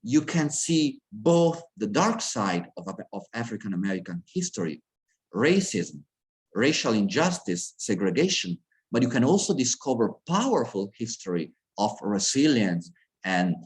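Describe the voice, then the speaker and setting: A man's voice: lowish voice, very animated, moderate pace. A middle-aged man with an Italian accent, a university lecturer giving an earnest conference talk over a video call and often restarting his sentences.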